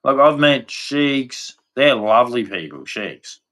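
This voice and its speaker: A man's voice: mid-range voice, animated, slow pace, fairly bright tone. An Australian man from Australia giving a blunt, rambling opinion rant to camera, swearing freely. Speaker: vlogger.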